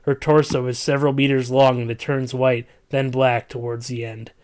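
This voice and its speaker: A man's voice: medium pitch, flat delivery, moderate pace, darkish tone, clear, resonant tone. Man doing a dramatic, stumbling story reading. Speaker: reader.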